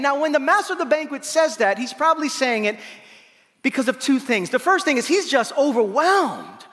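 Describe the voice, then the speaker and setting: A male pastor preaching a sermon in an animated, playful way, acting out the lines he quotes. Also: extremely high pitch, moderate pace. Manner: animated, playful preaching with laughs and voiced asides. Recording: long hall reverb.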